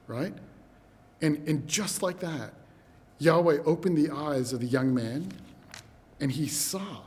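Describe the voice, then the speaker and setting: A man's voice: medium pitch, a little slow, pauses often. Man preaching with hall reverb. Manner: animated storyteller, addresses brothers and sisters. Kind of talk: sermon. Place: church hall.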